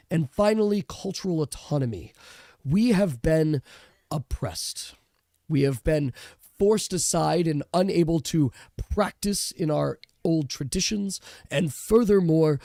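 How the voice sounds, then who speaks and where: A man playing a solemn male resistance leader, speaking formally and measured. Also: fairly high pitch, mellow, dry recording, studio quality.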